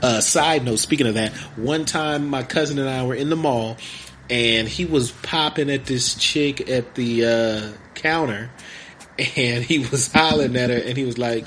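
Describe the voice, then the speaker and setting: A man's voice: mid-range voice, fairly bright tone, a little hiss or hum. A man hosting a podcast, casually retelling a movie plot in a rambling way and acting out the characters' lines. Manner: rambling, acts out characters' lines in quick voices. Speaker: podcast host.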